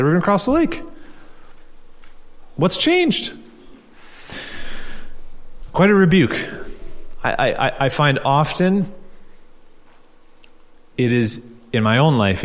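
A male pastor preaching a conversational sermon, asking rhetorical questions and repeating key phrases for emphasis. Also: fairly low pitch. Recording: long hall reverb.

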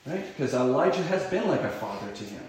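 A man's voice: medium pitch, sing-song, quick pace, darkish tone, a little hiss or hum. Echoey, distant male preacher. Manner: conversational preaching, many fillers and restarts, rises sharply when quoting cries. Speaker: pastor. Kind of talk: sermon. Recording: very echoey room, voice far from mic.

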